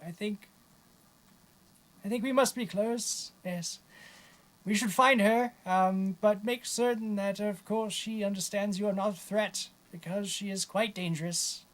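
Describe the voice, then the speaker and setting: A man's voice: sits high, steady tone, measured pace, a bit bright, voice pushed up. A man voicing a fussy, polite male spellcaster who stammers courteously in a tabletop game. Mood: cautious.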